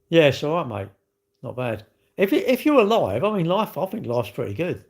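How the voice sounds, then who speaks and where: A middle-aged British man talks in casual chat on his livestream, answering chat questions in a rambling, blunt, slangy way. His voice sits a little high for a man and swings up and down with lively intonation. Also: normal speed, creaky.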